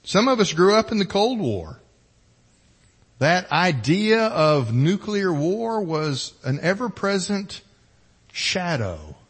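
A middle-aged man delivers a sermon with a slightly husky, breathy voice. He preaches emphatically, swelling louder on key points and dropping low and quiet on others. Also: very animated, slow. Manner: emphatic preaching, rising and falling in volume and pace. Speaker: pastor.

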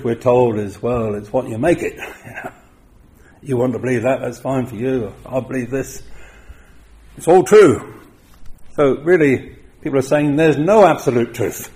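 A man preaching a sermon, with emphatic stresses that rise loud and then drop quiet. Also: medium pitch.

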